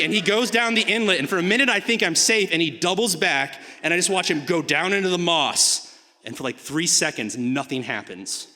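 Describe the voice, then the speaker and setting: A man telling a personal story on a live stage, animated and rambling with many fillers, swinging from hushed to shouting. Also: sits high, normal speed. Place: theater stage before a live audience. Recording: hall reverb from a live stage.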